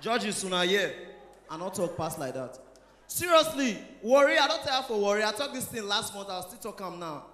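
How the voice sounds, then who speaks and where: A man with a Nigerian Pidgin accent doing a loud, animated stand-up set, mixing Pidgin and English. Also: high-pitched, moderate pace, a little hiss or hum. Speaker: stand-up comedian. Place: church hall stage. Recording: echoey hall with long reverb.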